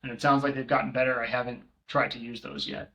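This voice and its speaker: A man's voice: medium pitch, level tone, fast, sharp tone, dull audio. Casual man with roomy echo. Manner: rambling, many filler ums, listing prices. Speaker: co-host, short-term rental manager. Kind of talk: casual podcast chat.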